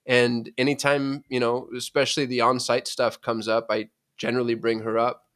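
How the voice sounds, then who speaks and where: A man's voice: medium pitch, little pitch movement, normal speed, fairly bright tone. An American man co-hosting a podcast, bantering and joking. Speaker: podcast co-host. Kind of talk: casual podcast chat.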